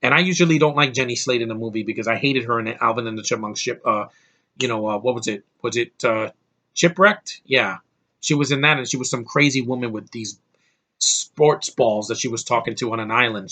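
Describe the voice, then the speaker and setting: A man's voice: medium pitch, bright, forceful tone. A man giving an angry, profane, rambling movie review rant.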